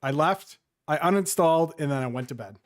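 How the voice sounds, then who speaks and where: A man's voice: a little high, expressive, a little fast. A man co-hosting a gaming podcast, telling a long rambling story in casual chat. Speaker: podcast co-host.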